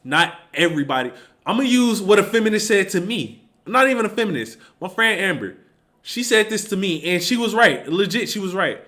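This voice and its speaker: A man's voice: high voice, big pitch swings, fairly quick, sharp tone. A man giving a heated, emphatic opinion rant to camera, repeating his points for emphasis. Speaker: commentary vlogger.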